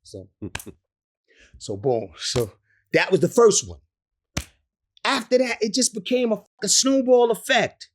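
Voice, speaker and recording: A man's voice: high voice, huge pitch swings, a little slow, long pauses. A man, a rapper telling stories in an interview, profane and laughing often. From the Bronx, New York. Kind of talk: animated storytelling in an interview.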